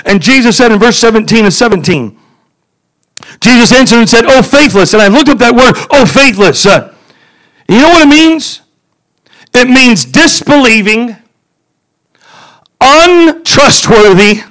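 A man delivering a sermon in a high, lively voice. His tone is bright and forceful, and he leaps between shouted appeals and hushed asides. He stumbles and repeats words as he presses his point. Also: moderate pace, long pauses, rough recording. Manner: fervent, repetitive, swings from shouting to quiet. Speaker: preacher.

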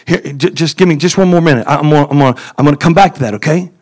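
A man preaching a fervent sermon, repeating himself and swinging from shouts to near-quiet asides. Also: fairly high pitch, rapid-fire, poor audio.

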